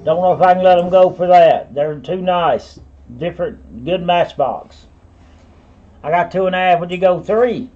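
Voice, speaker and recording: A man's voice: high voice, moderate pace, dark tone, muffled recording, faint music behind. A man hosting a live online auction, calling bids over and over with folksy asides. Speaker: auctioneer and host.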